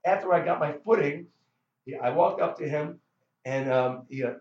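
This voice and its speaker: Animated middle-aged man telling a story. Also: fairly high pitch, moderate pace. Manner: animated, with many restarts and stammers. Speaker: guest musician. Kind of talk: casual storytelling interview. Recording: roomy, dull lo-fi sound.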